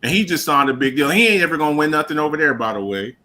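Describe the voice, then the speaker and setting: Animated high-voiced man ranting about sports. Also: rapid-fire. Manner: animated, emphatic, repeats himself, laughs often. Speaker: radio show co-host. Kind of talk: casual sports talk.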